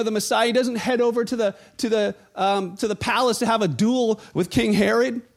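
Guy preaching, high voice w some gravel in it, acts out the crowd as he tells it. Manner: animated storytelling with acted-out crowd voices. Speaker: pastor. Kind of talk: sermon.

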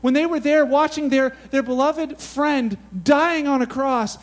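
High-voiced casual preacher. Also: male voice, steady tone, a little slow. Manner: casual, conversational, asks the audience questions. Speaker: pastor. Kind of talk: sermon.

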